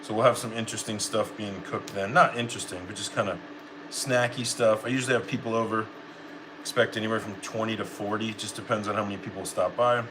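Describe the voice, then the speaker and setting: A man's voice: fairly low pitch, quick pace, background noise. Laid-back man chatting while cooking live. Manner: relaxed, rambling, greets chat by name. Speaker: cooking livestream host. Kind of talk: casual live cooking chat with viewers. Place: home kitchen.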